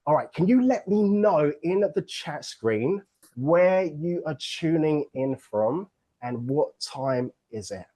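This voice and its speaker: English man, somewhat high voice, upbeat jokey host, video call audio. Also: lively intonation, slow pace. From England. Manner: upbeat, joking, playful crowd-warming. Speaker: host of an online book launch. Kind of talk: lively casual hosting on a video call.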